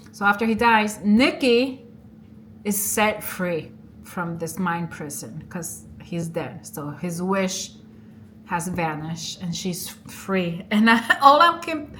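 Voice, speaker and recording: A young woman talks through a movie's plot in a relaxed vlog, chatty and expressive, slipping into quoted lines as she goes. Her pitch sits in an ordinary middle range. Faint background noise hangs under the close recording. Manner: chatty, animated retelling with quoted voices and laughs. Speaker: vlogger. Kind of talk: casual movie recap and review.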